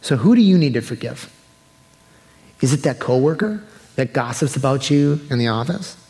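A man's voice: medium pitch, animated, moderate pace, darkish tone, big-room sound. A young adult man preaching a sermon in a conversational way, acting out the people he quotes. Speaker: pastor.

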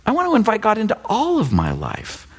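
Animated husky pastor in his fifties. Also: sits high, a little fast. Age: 50s. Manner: animated, conversational, teasing asides. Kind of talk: sermon.

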